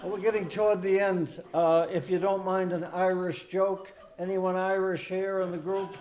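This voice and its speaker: A man's voice: high-pitched, flat delivery, moderate pace, darkish tone. An older man from the Boston area, a minister, telling jokes on stage in a folksy, self-deprecating way with hesitant restarts. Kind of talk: stand-up joke telling. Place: community hall stage.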